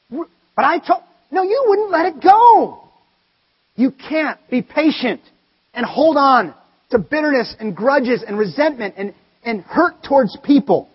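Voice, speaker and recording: High-voiced man preaching in a hall. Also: slightly rough. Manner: animated storytelling, swings between loud exclaiming and quiet earnest tones. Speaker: pastor. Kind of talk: sermon. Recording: dull, lo-fi sound with long hall reverb.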